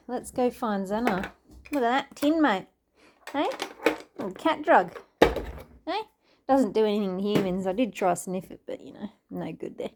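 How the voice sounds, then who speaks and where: A woman's voice: high-pitched, normal speed, noisy background. An Australian woman in her home kitchen, filming her cats on a phone and chatting to them in giggly, sing-song baby talk with swearing asides. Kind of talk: casual chat and baby talk to pets.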